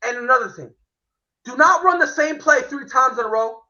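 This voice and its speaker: High, bright-voiced fired-up football talker. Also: male voice, lo-fi sound. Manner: animated, slangy, swearing, quick impressions. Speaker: host. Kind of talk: casual sports analysis chat.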